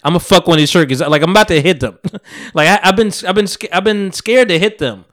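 A man's voice: sits high, fast talker, fairly bright tone. A man co-hosting a podcast, telling a long story in casual chat, rambling, laughing often and acting out what people said. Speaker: podcast co-host.

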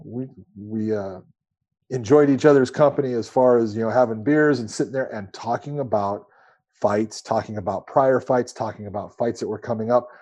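Male podcast co-host, mellow tone, casual rambling storyteller. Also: mid-range voice, breathy edge, lo-fi sound. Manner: relaxed, rambling with profanity.

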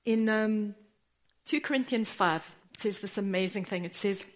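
A woman delivers an earnest sermon at normal speed in a medium-pitched voice. She rises to firm declarations, then drops into soft, pleading tones.

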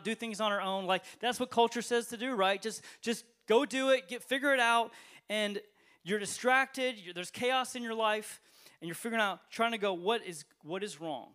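A man pastor preaching a sermon to a church congregation, conversational, asking rhetorical questions, swinging between loud emphatic lines and quiet ones. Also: sits high. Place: church service, streamed online.

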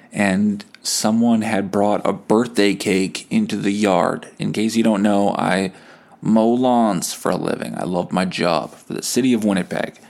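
A young man from Canada, hungover, rambles through a casual solo podcast with crude language and a sarcastic edge. His fairly low voice is creaky and slightly mellow, and his pace is measured.

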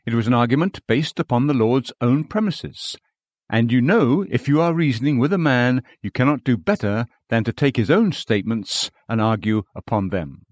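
A man reading a sermon aloud in measured, formal, old-fashioned preaching language. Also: mid-range voice, lively intonation, no room sound, clean studio sound. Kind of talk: read sermon.

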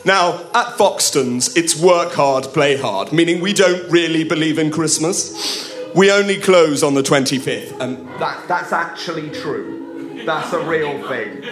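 A man's voice: a little high, unhurried, fairly bright tone, soft background music. A man telling a comic story at a live show, theatrical and wry, turning to the audience for asides. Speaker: comedian storyteller. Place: live comedy venue. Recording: echoey room at a live show.

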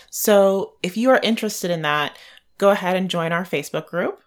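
A woman's voice: on the low side, normal speed. Woman podcast co-host, casual chat, laughs often, rambles, sleepy. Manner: giggly and rambling. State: tired, short on coffee.

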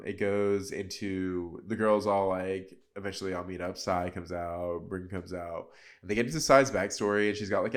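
Low-voiced man in his thirties, chatty. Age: 30s. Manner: chatty, peppered with "like" and "um", animated asides. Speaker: podcast host recapping a reality show. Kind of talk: casual solo recap.

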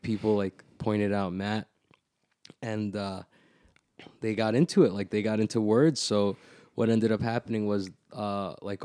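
Casual male podcast storyteller: slightly low voice, slangy, swears a lot, recorded close and dry. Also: dry recording. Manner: animated storyteller, heavy "like", frequent swearing.

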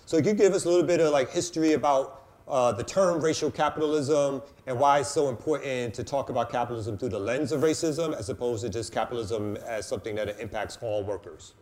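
A man's voice: mid-range voice, fast talker, hardly any pauses, darkish tone. A male show host in casual chat, loose, profane and joking, who stretches out long questions.

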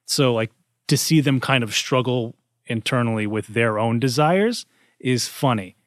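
A man's voice: mid-range voice, measured pace, dry recording, studio quality. A man co-hosting a casual comedy panel, rambling with many restarts and fillers. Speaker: podcast co-host. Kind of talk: casual discussion.

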